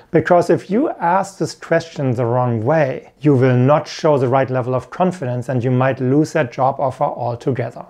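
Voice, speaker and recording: A man's voice: on the high side, warm tone. A man giving an earnest talk to camera as an IT career coach, repeating his key points. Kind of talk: instructional video talk.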